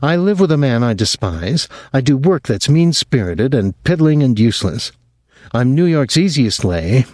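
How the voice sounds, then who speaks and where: For an audiobook, a man voices a bitter, mocking woman, speaking harshly and sarcastically with a scornful mood in a lightly acted performance pitched above his natural voice. His mid-range voice swings widely in pitch at a moderate pace, sounding a little mellow in a dry, studio-quality recording.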